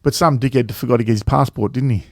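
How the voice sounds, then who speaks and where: A man's voice: medium pitch, steady tone, quick pace, no echo. Brief: male co-host, casual rambling chat, swears, lots of ums, dry close sound. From Australia. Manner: rambling, swears freely, many fillers and restarts. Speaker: travel vlog co-host.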